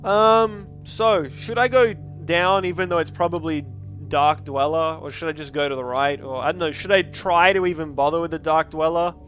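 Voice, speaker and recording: A man's voice: on the high side, steady tone, moderate pace, fairly bright tone, soft background music. A man streaming a card game, chatty and joking as he thinks aloud about his choices. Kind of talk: casual game commentary.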